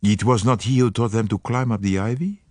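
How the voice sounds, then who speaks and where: A man voicing a fastidious, shrewd older detective in an audiobook, speaking formally, precisely and methodically. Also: fairly low pitch, no room sound, clean studio sound, lightly acted. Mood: measured.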